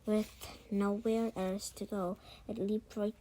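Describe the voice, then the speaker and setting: Woman narrator reading a kids' book, slow and self-correcting. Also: medium pitch, little pitch movement, noisy background. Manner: unhurried, with frequent slips and self-corrections. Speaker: read-aloud narrator. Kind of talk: reading a children's book aloud.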